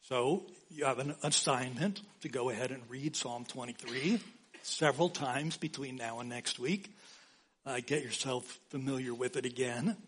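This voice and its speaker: A man preaching a sermon as pastor, slow and emphatic, repeating key phrases for weight. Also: mid-range voice, husky.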